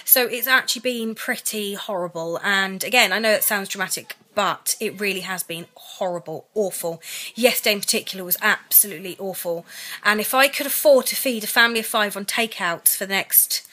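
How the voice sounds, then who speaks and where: A woman's voice: medium pitch, brisk, bright, forceful tone. A young British woman chatting casually to camera in a vlog, tired and near tears, candid and self-mocking as she rambles. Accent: British English. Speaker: vlogger.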